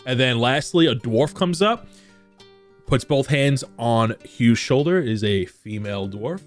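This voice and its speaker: A man narrating as game master of a tabletop game, describing scenes in a rambling, animated way. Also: mid-range voice, unhurried, faint music behind.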